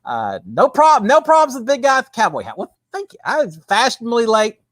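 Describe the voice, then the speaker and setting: This livestream host from Texas is a folksy man with a lively pitch, talking a little fast in a casual live-stream chat and reading viewer comments aloud. The sound is studio quality with no echo, and he uses a webcam with a green screen.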